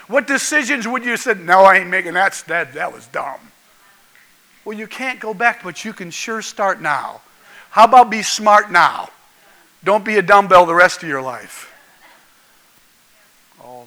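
High, bright-voiced man preaching. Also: poor audio. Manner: folksy, jokey, asks the crowd questions. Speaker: pastor. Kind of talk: sermon.

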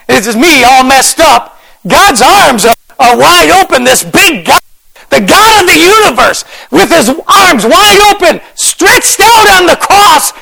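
A man preaching a fervent sermon, repeating phrases and rising into shouts. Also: extremely high pitch, vocal fry, poor audio. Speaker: pastor.

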